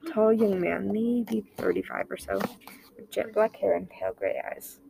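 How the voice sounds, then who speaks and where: A woman reading an original short story aloud, voicing the dialogue herself and dropping to a near-whisper in quiet moments. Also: mid-range voice, moderate pace, vocal fry, noisy background. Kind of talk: amateur story narration with dialogue.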